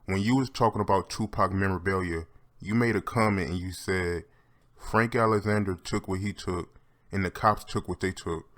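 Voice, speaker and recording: A man's voice: low-pitched, steady tone, normal speed, fairly bright tone. A male interviewer asking direct, plainly worded questions.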